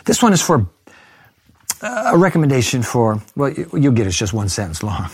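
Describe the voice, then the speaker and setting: A man preaching a sermon, reading quotations aloud and urging his listeners with animated emphasis. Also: on the low side, fairly quick, slightly rough, dry recording, studio quality. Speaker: pastor.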